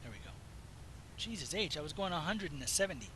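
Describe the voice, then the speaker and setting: A man from the Southwest United States, chatting casually and meandering as he plays a driving game, his voice slightly hoarse. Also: fairly high pitch, big pitch swings, fast, noisy background. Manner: chatty, meandering, self-interrupting. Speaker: gaming video host. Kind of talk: casual rambling commentary while playing.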